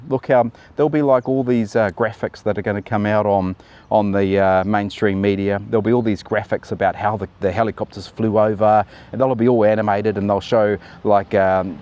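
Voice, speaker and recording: A man's voice: fairly low pitch, brisk, darkish tone, a little hiss or hum. A man hosting casual political commentary in a sardonic, chatty way and calling his viewers "team".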